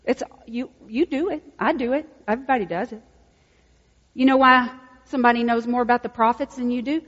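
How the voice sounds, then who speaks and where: A woman's voice: fairly high pitch, fairly quick. Woman preaching in a reverberant hall. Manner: swings from hushed, intimate lines to loud emphatic peaks. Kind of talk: sermon. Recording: dull lo-fi recording with long hall reverb.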